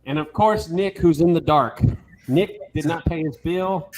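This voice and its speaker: A man's voice: fairly high pitch, a little slow. A man hosting a casual chat, joking and telling a story with animation. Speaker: host. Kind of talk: casual video call chat.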